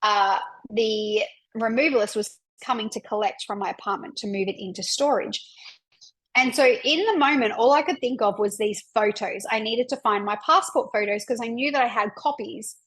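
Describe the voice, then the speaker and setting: A woman's voice: a little high, normal speed, fairly bright tone, poor audio. A woman hosting a podcast, telling a personal story in an open, emotional way with lots of "like" fillers. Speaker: podcast host and women's coach.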